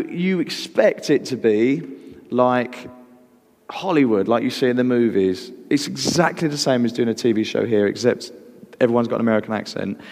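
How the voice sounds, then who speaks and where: A British man, an actor guest, telling lively stories on stage at a live event and acting out other people's voices. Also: mid-range voice. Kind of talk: anecdotal storytelling on stage. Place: live event hall with audience. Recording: long hall reverb.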